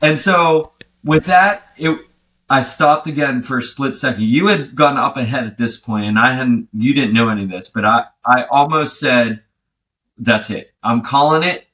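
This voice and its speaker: A man co-hosting a podcast, telling an animated story in casual chat. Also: mid-range voice, moderate pace, lo-fi sound. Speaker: podcast co-host.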